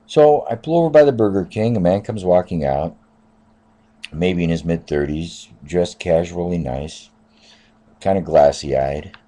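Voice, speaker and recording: Low, mellow-voiced man in his fifties telling a story. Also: animated, a little slow. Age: 50s. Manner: rambling, repeats "I said" and "uh". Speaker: taxi driver. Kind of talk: casual spoken storytelling.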